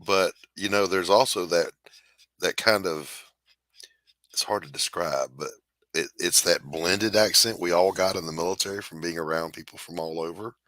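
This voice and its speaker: A middle-aged man hosting a drawing stream, chatting bluntly with loud bursts of drill-style barking. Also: low-pitched, normal speed, dry recording. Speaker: art streamer, host. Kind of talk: casual chat while drawing.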